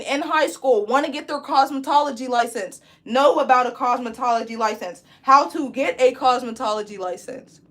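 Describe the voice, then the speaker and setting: A woman, teaching a live braiding class in a loud, chatty, encouraging way. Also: high voice. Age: 20s. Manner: chatty, encouraging, reads comments aloud. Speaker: braid instructor.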